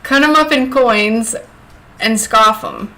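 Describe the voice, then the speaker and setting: Chatty high-voiced woman streamer, unhurried. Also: bright, forceful tone. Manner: chatty, reads chat aloud, laughs often. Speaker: livestream host. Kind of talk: casual chat while crafting. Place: home craft workspace.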